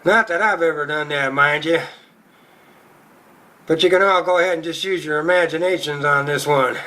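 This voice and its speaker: A man performs crude, profane stand-up, telling stories in a rowdy way. His high voice sounds bright and sharp, with fairly even intonation and a moderate pace.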